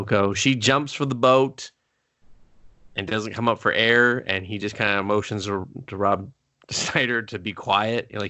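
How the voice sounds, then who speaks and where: A man co-hosting a casual movie review podcast, talking in an animated way, swearing freely and laughing often. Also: on the low side, no room sound. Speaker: podcast co-host.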